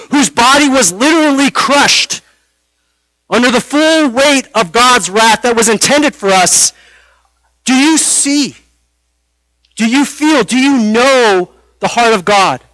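High, bright-voiced male preacher. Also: no room sound, poor audio. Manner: earnest preaching with dramatic pauses and rhetorical questions. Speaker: pastor. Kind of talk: sermon.

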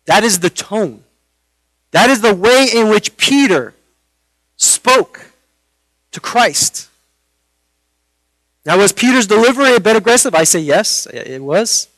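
High, bright-voiced male preacher. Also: expressive, no echo, low-quality recording. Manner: earnest preaching with dramatic pauses and rhetorical questions. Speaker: pastor. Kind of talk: sermon.

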